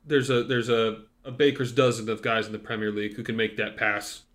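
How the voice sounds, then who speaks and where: A man's voice: lowish voice, level tone, fairly quick, a bit bright. Rambling, blunt male podcast co-host. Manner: blunt, rambling, jokey, full of fillers and restarts. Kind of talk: casual football chat.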